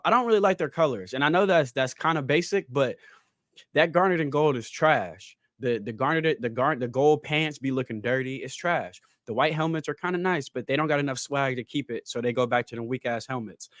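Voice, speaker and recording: A man's voice: a little high, a bit bright, no room sound, clean studio sound. A man hosting a casual livestream podcast from home, talking loosely in slang and reading chat comments aloud. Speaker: podcast host.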